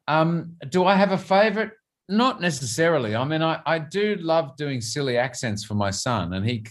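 A middle-aged man with an Australian accent talks through his answers in a relaxed interview. He often repeats a word while he works out what to say next. His voice sits at an ordinary pitch for a man. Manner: thoughtful, repeats words while searching for phrasing. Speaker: actor guest.

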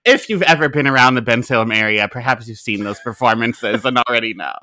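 A podcast guest in casual chat, theatrical and animated, laughing often. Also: medium pitch, quick pace, no room sound.

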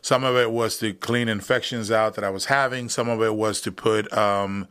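Young guy with a lowish voice, rambling thru his story, lots of ums and restarts. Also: fairly even intonation, moderate pace, fairly bright tone, clean tone. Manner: rambling, many fillers and restarts. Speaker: guest. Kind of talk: casual interview storytelling.

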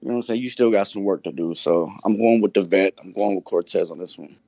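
A man talking casually on a podcast in a relaxed, laid-back way. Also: deep voice, fast talker, creaky, no echo. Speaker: podcast guest. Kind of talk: casual chat.

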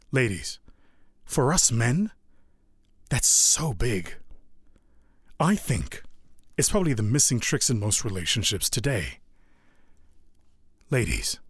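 A man giving a motivational talk, his pitch rising and falling with real energy. He works through rhetorical questions with emphatic pauses, and the recording is close and dry with no room sound. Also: breathy edge, no room sound. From South Africa. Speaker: speaker.

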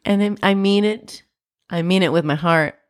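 A woman's voice: medium pitch, normal speed. A woman co-hosting a comedy podcast, bubbly and goofy, talking effusively in casual chat. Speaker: podcast co-host.

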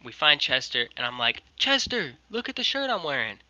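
A young man tells a long story over a video call, animated and full of casual fillers. His voice is very bright and sharp, and it sounds close and dry. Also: mid-range voice, brisk, no room sound, highs cut off. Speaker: guest, merch maker.

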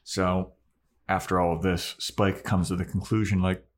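With a low voice and moderate pace, a podcast co-host gives a casual rundown of an episode. He stays animated, voicing the characters' lines.

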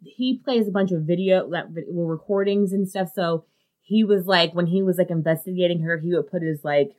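A woman's voice: on the low side, brisk, a little mellow. A woman co-hosting a casual chat, telling a story with lots of "like" and casual swearing. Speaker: podcast co-host.

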